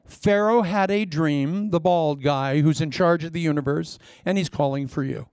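Male preacher, fairly high gravelly voice, dry sound, animated storyteller. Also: moderate pace, no echo. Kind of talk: sermon.

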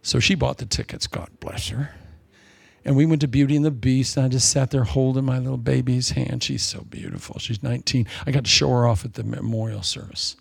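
A middle-aged man preaching a sermon, swinging between loud shouts and soft, hushed storytelling. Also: mid-range voice, fairly quick, gravelly, slightly rough, no echo. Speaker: pastor.

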